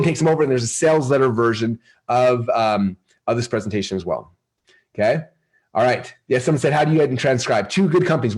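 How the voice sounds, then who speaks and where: A man presenting a live marketing webinar, energetic and salesy, often asking his audience questions. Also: mid-range voice.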